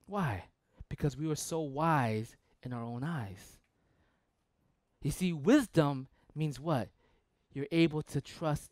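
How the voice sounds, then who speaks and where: A young male pastor preaching in a playful, animated way, jumping between voices as he acts out little scenes. His voice sits a bit high and swings widely in pitch. The sound is close and dry. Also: no echo. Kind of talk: sermon.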